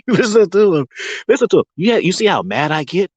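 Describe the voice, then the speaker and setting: A man livestreaming in a casual rant, animated and mocking, breaking into laughter often. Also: high-pitched, normal speed, breathy edge, no echo, highs cut off.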